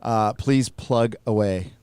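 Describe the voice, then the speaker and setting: A man's voice: on the low side, takes it slowly, dark tone, clear, resonant tone, no echo. A man hosting a live stream, laid-back and joking as he thanks guests. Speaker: host. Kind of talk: casual stream chat.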